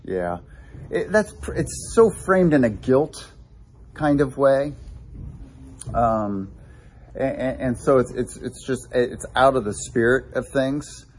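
A man preaching a sermon, telling animated personal stories with many restarts. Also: mid-range voice, slow, slight background noise. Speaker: pastor.

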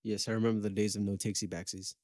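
A man's voice: lowish voice, level tone, rapid-fire, darkish tone, no room sound. A man co-hosting a casual podcast chat, joking bluntly and swearing freely, recorded close on a mic. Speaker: podcast co-host.

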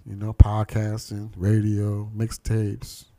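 This podcast host speaks slowly in a lowish, monotone, mellow voice with no echo. He tells street stories in a casual, profane conversation, putting on the voices of the people he quotes.

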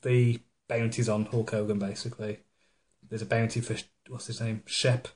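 A man, co-hosting a casual podcast chat and retelling a film in a mocking, animated way with put-on voices. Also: lowish voice, moderate pace. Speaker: podcast co-host. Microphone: studio microphone.

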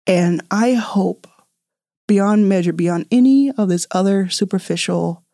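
A woman's voice: medium pitch, unhurried, warm tone, dry recording. Woman, podcast host; earnest, chatty, heartfelt monologue; dry small room. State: tearful.

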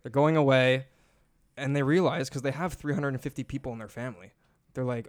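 A man's voice: medium pitch, steady tone, brisk, dry recording. Rambling man in dry podcast banter. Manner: rambling, self-correcting, swears casually. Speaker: podcast co-host. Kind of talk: casual sports betting banter.

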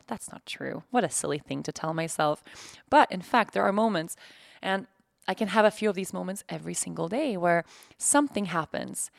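Low, gravelly-voiced woman sharing candidly. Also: no echo, studio quality. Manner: open, searching, with many fillers and restarts. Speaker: podcast host and yoga teacher. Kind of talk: candid personal reflection.

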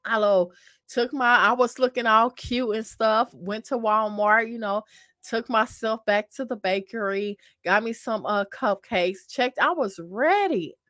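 A woman's voice: fairly high pitch, a little slow, a bit bright, no echo. Chatty woman telling a story, dry sound. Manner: chatty and self-mocking, addresses listeners as "y'all"; talks with many fillers and repeats. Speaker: vlogger telling a dating story. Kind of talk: casual storytelling to camera.

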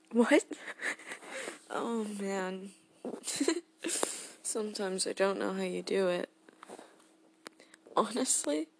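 A woman voicing a gentle, goofy teenage boy hero who speaks as an affectionate boyfriend in a role-play audio, soft-spoken and prone to giggles. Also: medium pitch, creaky. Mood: teasing. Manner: soft-spoken and tender, breaking into giggles when tickled.

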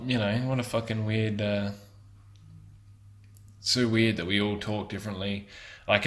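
A man's voice: fairly low pitch, a bit bright. A man in his twenties hosting a casual solo podcast, rambling and profane. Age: 20s. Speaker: podcast host.

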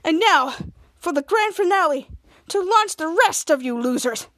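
A smug villain gloats in a slow, drawn-out voice, as a woman puts him on. He sounds boastful and scheming, pitched high. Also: lively intonation, fairly bright tone, no echo, studio quality. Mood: gloating.

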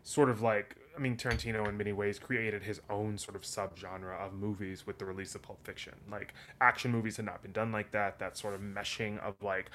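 A man's voice: lowish voice, level tone, fairly quick, hardly any pauses, fairly bright tone, slight background noise. A man co-hosting a podcast, chatting casually and joking, with lots of fillers like "like" and "um". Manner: rambling, filler-heavy, joking. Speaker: podcast co-host. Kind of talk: casual chat.

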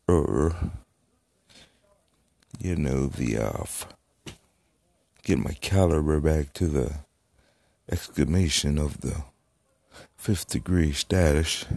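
A man with a very deep voice and vocal fry hosts his own solo podcast. He talks in a loose, laid-back, profane way, rambling along with plenty of fillers. He is an adult with a daughter, and there is no echo on the recording.

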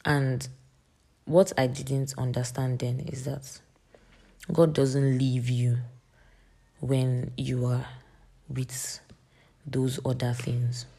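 A woman's voice: very deep voice, level tone, drawn-out words, vocal fry, pauses often, dark tone, husky. A woman in her late teens hosts a faith podcast, talking earnestly in a rambling way with many fillers. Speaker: podcast host. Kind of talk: faith encouragement podcast monologue.

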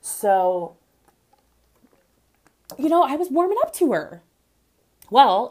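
A young woman chats through a reality TV recap in a loose, gossipy way. Her talk is animated and peppered with "like" as she dishes on every twist. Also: mid-range voice. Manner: gossipy, animated, heavy use of "like".

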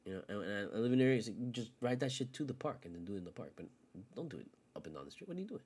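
A man's voice: very animated, very fast, breathy edge. Profane ranting man hosting a sports podcast. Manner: profane, ranting, swings between loud outbursts and low mutters. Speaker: podcast host. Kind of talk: solo sports rant.

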